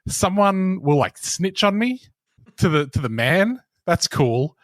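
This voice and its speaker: A man's voice: sits high, big pitch swings, takes it slowly, no echo. Joking Australian man hosting a podcast. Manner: joking, rambling storyteller. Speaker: podcast host. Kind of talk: casual chat.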